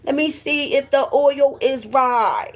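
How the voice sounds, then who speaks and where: A woman's voice: high-pitched, takes it slowly. A middle-aged woman chatting casually and profanely on her livestream, greeting viewers by name and telling a story. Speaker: livestream host.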